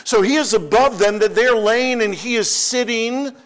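A man's voice: very high voice, normal speed. A man preaching a sermon as pastor, emphatic and repeating key phrases for weight.

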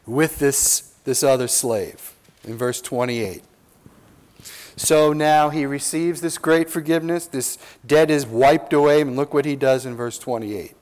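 A pastor delivers an expository sermon, earnest and emphatic, stretching his stresses slowly and posing rhetorical questions. His voice is medium in pitch with a darkish tone.

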